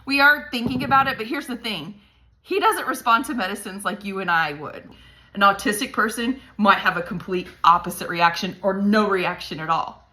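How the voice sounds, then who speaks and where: A woman's voice: medium pitch, normal speed, pushed and bright, a little hiss or hum. A woman in her thirties venting candidly to camera about her hard days as a parent, swearing often and joking darkly while sounding worn out. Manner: profane, darkly humorous, venting. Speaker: parent vlogger. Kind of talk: candid talking-to-camera vlog.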